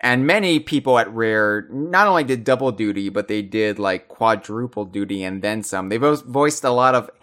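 A man's voice: lowish voice, moderate pace, few pauses, a bit bright. A man co-hosting a podcast, rambling enthusiastically with frequent restarts as he talks through his thoughts. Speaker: podcast co-host. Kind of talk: casual chat.

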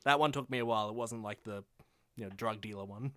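A man co-hosting a casual film podcast, making dry deadpan jokes. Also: fairly low pitch, fast, clear, resonant tone, dry recording. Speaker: podcast co-host.

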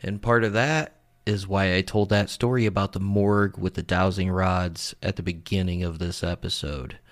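A man's voice: sits low, steady tone, moderate pace. A young man narrating his own ghost-hunting clips in a casual, blunt, profane way. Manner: blunt, profane, laughs at himself. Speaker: paranormal vlog host.

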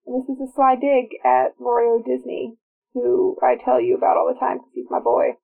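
While watching a movie, a podcast co-host chats casually and eagerly passes along trivia. She has a high voice with a level tone, moderate pace and vocal fry, and the recording sounds narrow and phone-like.

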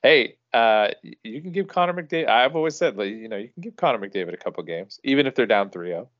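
A man's voice: mid-range voice, expressive, quick pace, a bit bright, no echo. A man co-hosting a hockey podcast in a laid-back, dry-humored way, with frequent restarts. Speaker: podcast co-host. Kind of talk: casual sports chat. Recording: dull dry lo-fi sound.

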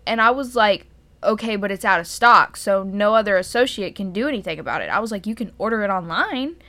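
Bright-voiced young woman telling stories. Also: medium pitch, animated, a little fast, no echo. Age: young adult. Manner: profane, exasperated storytelling with frequent laughs. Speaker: podcast co-host. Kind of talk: casual storytelling chat.

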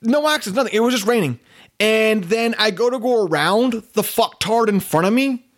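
High-voiced man hosting a podcast. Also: animated, normal speed. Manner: blunt, profane complaining. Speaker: podcast host. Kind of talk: casual podcast chat.

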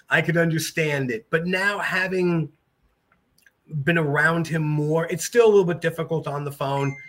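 A middle-aged man telling stories as a podcast guest, animated and jokey. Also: a little high, normal speed. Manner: animated, jokey, mimics voices. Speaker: podcast guest, jiu-jitsu black belt. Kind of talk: casual storytelling.

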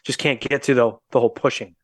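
A man's voice: medium pitch, fairly even intonation, fast talker, dry recording. A young Midwestern American man co-hosting a podcast from a remote call, blunt and sardonic, swearing freely as he tells a story. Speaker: podcast co-host. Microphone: remote call mic.

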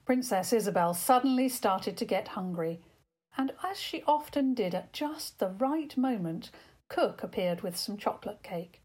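A woman reads a children's story aloud in a gentle, expressive voice. Her pitch sits in an ordinary middle range. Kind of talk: children's bedtime story narration.

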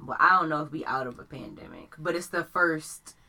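A young woman co-hosting a podcast, chatting casually in relaxed slang and laughing often. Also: deep voice, fairly quick, vocal fry. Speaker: podcast co-host. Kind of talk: casual chat.

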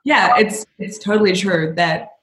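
Animated laughing woman, echoey room. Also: mid-range voice, a little slow. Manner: animated, laughs often, voice rises when excited. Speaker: podcast guest. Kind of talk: casual interview storytelling.

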